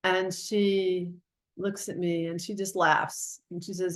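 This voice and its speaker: A woman with a somewhat low voice recounts a vivid dream. She talks in an earnest, reflective way and often stops to correct herself mid-sentence. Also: flat delivery, slow. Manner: earnest, reflective storytelling with frequent self-corrections. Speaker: guest.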